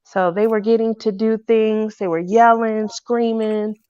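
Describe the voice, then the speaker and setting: A woman telling a personal story in a casual, animated way. She acts out the people she quotes in a loud voice. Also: on the high side, a little slow, smooth, no echo. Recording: dull, dry lo-fi recording.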